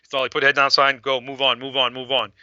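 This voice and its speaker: Bright-voiced man telling a rambling story. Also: mid-range voice, quick pace, no echo, muffled recording. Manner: rambling, animated retelling with quoted dialogue. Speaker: fan event organizer. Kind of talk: casual storytelling on a podcast.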